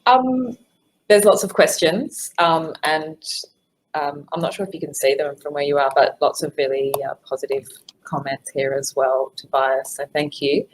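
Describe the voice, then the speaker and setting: Female moderator, low voice, friendly and filler-heavy, on a video call. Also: moderate pace, slight background noise, rough recording. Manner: friendly, filler-heavy, reads questions aloud. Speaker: session moderator. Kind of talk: reading audience questions.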